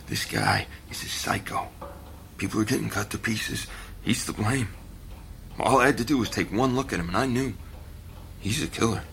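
An actor playing a rough fisherman who witnessed a massacre, telling it in an agitated, slangy way in an audio drama. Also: on the low side, bright, forceful tone, a little hiss or hum. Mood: insistent.

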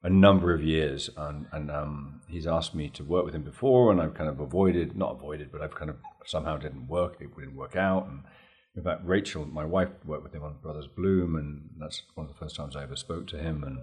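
Male actor guest with a very deep voice, lively and laughing as he tells stories. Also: brisk. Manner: animated, laughs often, acts out dialogue in stories. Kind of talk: anecdotal interview storytelling.

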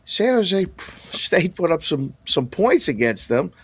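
A man speaking as a sportsbook guest analyst on a sports talk show, casual and halting. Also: sits high, big pitch swings, husky. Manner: casual, halting, with restarts and fillers.

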